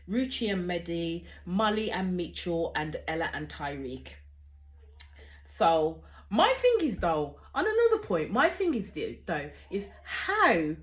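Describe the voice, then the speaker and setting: A woman, giving blunt, chatty reaction commentary and swearing freely. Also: on the low side. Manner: chatty, rambling with restarts. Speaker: reality show reactor.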